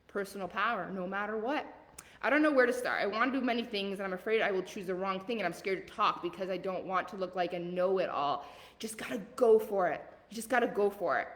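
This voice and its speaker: A woman with a Southern accent coaches a live group call with blunt, rapid-fire encouragement. Her voice carries a long reverb, like a hall. She keeps asking questions and answering them herself. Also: mid-range voice. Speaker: leadership coach.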